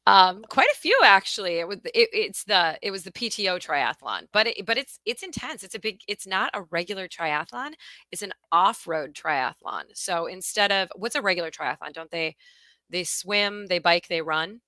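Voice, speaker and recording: A woman co-hosting a podcast in casual chat, telling stories in a lively, self-deprecating way as a mother and coach. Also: fairly low pitch, normal speed, no room sound.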